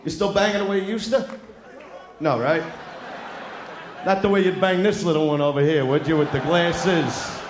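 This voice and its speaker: A man doing a crude stand-up routine in front of a live audience. He is loud and brash, taunts people in the crowd and often shouts. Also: a little high, normal speed, pauses often. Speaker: stand-up comedian. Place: large live venue with an audience. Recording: echoey live show with crowd noise.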